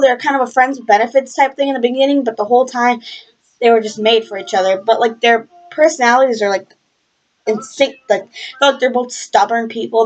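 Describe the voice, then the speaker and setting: A young woman casually reviewing a book in a vlog, gushing and rambling with lots of fillers, passionate and swearing freely. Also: a little high. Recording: lo-fi webcam audio.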